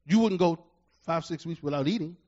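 A middle-aged male pastor preaching a sermon, building to loud emphatic bursts and slowing down to read verses. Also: a little high, dull audio.

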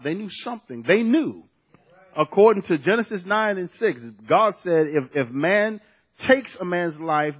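A male pastor preaching an animated sermon, laughing and repeating phrases as he tells a story. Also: sits high.

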